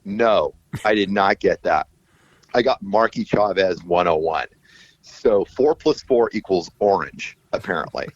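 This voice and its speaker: A middle-aged man with a fairly low voice tells stories as a podcast guest. He swears freely and acts out other people's lines as he goes. The audio is muffled and lo-fi. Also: a little slow. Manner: animated, profane, acts out quoted voices. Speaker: guest musician. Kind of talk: casual storytelling interview. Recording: dull lo-fi audio.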